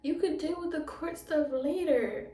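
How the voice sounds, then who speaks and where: A woman's voice: high voice, unhurried, dark tone, voice pushed up. A woman voicing a female social worker who pleads urgently on the phone. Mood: pleading. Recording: roomy sound from a distant mic.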